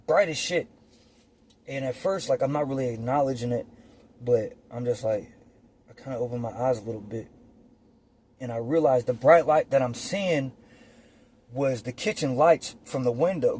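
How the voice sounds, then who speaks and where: A man telling a personal story casually, outdoors on his phone, animated and profane, acting out the scenes as he goes. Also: medium pitch, a little hiss or hum. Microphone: phone or camera.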